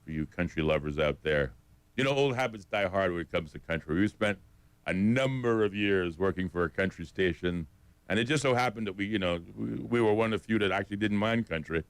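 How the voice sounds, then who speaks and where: A man's voice: sits low, a little fast, clean tone, no echo. A man co-hosting a radio talk show, chatting casually and giving the studio time and phone number. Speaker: radio co-host.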